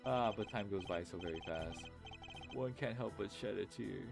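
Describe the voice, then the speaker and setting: A man putting on a soft-hearted older gentleman in a game, fatherly and theatrical, prone to tears. The voice sits fairly low, with game music clearly playing behind. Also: normal speed. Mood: sentimental, avuncular. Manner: grandfatherly and teary. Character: genial elderly man, sentimental, theatrical, fatherly. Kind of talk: fan voice-over of a game.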